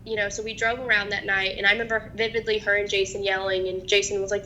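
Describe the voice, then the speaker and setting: A woman in her twenties as an interview guest, telling a painful personal story in a halting, hesitant way full of restarts. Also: mid-range voice, flat delivery, pushed and bright, muffled recording, a little hiss or hum. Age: 20s. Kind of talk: emotional personal testimony.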